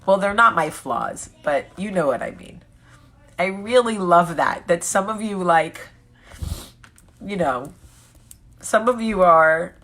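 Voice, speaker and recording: A forties-aged vlog host chats live with viewers in a candid, joking way, reading their comments out and answering them. Her voice sits on the low side with a fairly bright tone.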